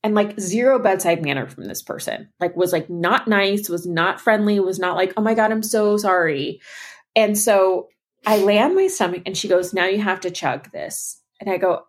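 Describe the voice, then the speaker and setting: In relaxed podcast chat, a young female co-host recounts a story, voicing both people in the conversation. She speaks at a moderate pace with a medium-pitched voice.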